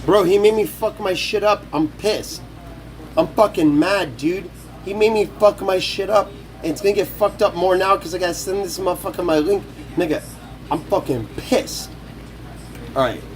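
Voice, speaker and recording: Cooking in his kitchen, a young livestreamer talks rowdy and foul-mouthed to his phone audience in casual stream chatter. He has a high-pitched voice at normal speed, with slight background noise.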